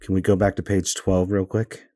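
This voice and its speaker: A man with a very deep, dark voice talks comics with a co-host. The sound is dry and close, with no room around it. His sarcasm is deadpan and easy to miss. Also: normal speed, dry recording. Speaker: podcast co-host. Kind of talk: casual chat about comics.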